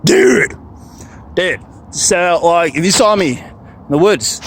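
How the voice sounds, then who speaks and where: A man's voice: high-pitched, slow, pauses often, a little hiss or hum. A young man rambling outdoors in the woods, swearing freely and breaking into monkey noises. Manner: animated, swearing, bursts into monkey sounds. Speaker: vlogger.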